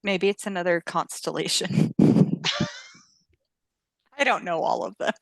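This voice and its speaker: A woman's voice: fairly low pitch, measured pace, vocal fry, no echo. A woman co-hosting a casual book-club podcast, laughing often as she talks. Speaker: podcast co-host.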